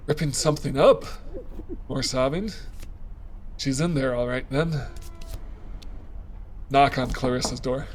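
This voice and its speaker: A man's voice: medium pitch, unhurried, long pauses, slight background noise. A man narrating his moves in a story game, thinking aloud and reading out choices. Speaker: let's play streamer.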